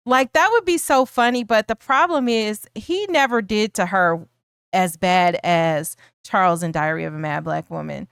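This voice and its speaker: A woman's voice: mid-range voice, normal speed, vocal fry, a bit bright, clear, resonant tone, dry recording, studio quality. A woman co-hosting a casual film discussion, thoughtful and laughing easily, often restarting her sentences. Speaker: podcast co-host.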